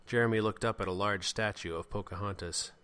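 Man, serial story narrator, fairly low voice, bright tone, steady delivery. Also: brisk, clean tone.

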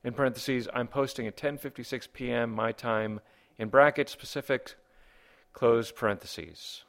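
A man's voice: medium pitch, normal speed, vocal fry, a bit bright. A man hosting a comedy podcast, reading listener comments and rambling through wry rhetorical questions. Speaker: podcast host.

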